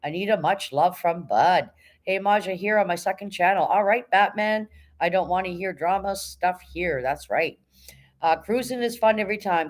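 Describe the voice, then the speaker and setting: A woman's voice: lowish voice, normal speed. A woman hosting a casual livestream, firmly but politely moderating her chat and reading messages aloud. She sounds tired. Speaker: livestream host.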